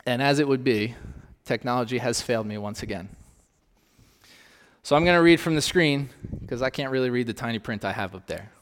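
A man's voice: mid-range voice, in a large hall. A male pastor preaching in a conversational way, often checking in with his congregation. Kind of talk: sermon.

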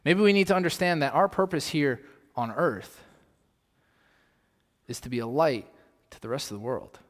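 A male pastor delivering a sermon, posing rhetorical questions and swinging from loud emphasis to soft asides, in a long hall reverb. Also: on the high side, moderate pace.

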